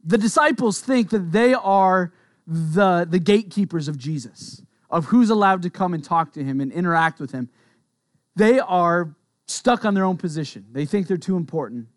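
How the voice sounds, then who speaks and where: A man's voice: sits high, animated, normal speed, dry recording, studio quality. A man in his thirties or forties, a pastor preaching a sermon in an earnest, conversational way with personal asides.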